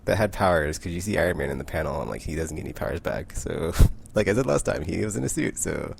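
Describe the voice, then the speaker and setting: A man's voice: low-pitched, lively intonation, fast talker, creaky, a little hiss or hum. A man casually recapping a comic book, rambling with lots of "like" and frequent self-corrections.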